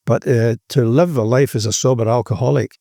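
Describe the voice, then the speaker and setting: Older Australian man, mellow tone, earnest rambling recovery share, dry close sound. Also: medium pitch, fairly even intonation, a little fast, vocal fry, dry recording. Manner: earnest, rambling, peppered with "you know". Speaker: recovering alcoholic sharing his story.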